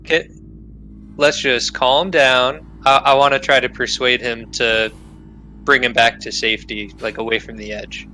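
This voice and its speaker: Bright-voiced man playing a tabletop game. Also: mid-range voice, level tone, unhurried, slight background noise, poor audio. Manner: eager and persuasive, often restarting. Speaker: player.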